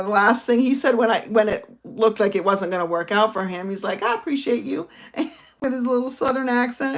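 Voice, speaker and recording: A middle-aged woman from the northern United States, chatting casually as she explains a card-making project step by step. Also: medium pitch. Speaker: papercraft instructor. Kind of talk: casual crafting demonstration.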